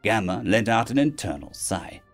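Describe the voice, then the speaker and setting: A man narrating a fantasy story in a lively reading voice. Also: lowish voice, moderate pace, soft background music.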